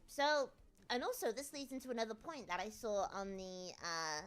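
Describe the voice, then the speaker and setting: A woman's voice: mid-range voice, moderate pace. A British woman streamer chatting casually and playfully with her viewers, full of jokey asides. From Britain. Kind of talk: casual live-stream chat.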